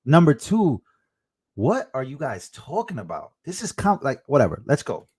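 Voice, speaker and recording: A man's voice: mid-range voice, wildly swooping pitch, darkish tone, breathy edge. Casual man hosting a livestream. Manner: casual, chatty, fast asides. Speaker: livestream host. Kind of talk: live commentary stream.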